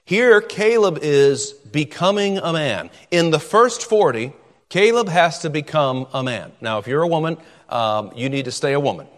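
A man's voice: fairly high pitch, expressive, moderate pace, in a large hall. A man preaching a sermon, emphatic and repeating words as he drives his points home.

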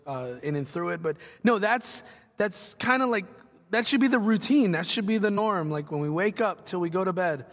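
A man preaching a sermon as pastor, talking in a conversational way with quick asides. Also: high voice, a bit bright, big-room sound.

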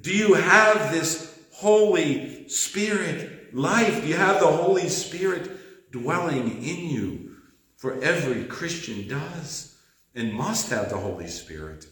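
Pastor, male, slow deliberate sermon delivery, bright tone, roomy church echo. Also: on the high side, lively intonation. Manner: earnest, emphatic preaching with slow stresses.

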